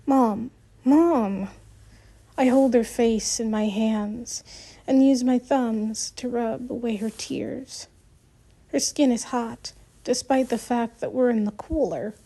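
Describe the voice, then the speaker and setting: A woman narrating an audiobook in the first person, reading gently with the odd restart. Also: a little high, steady tone, slow.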